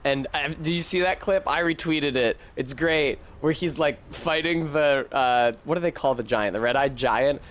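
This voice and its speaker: A fairly high-voiced man swears and grumbles through a game as he plays it, talking to his chat as he goes. His casual, exasperated commentary comes through a desk mic at home, with a faint hiss behind it. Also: moderate pace, few pauses, fairly bright tone. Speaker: streamer.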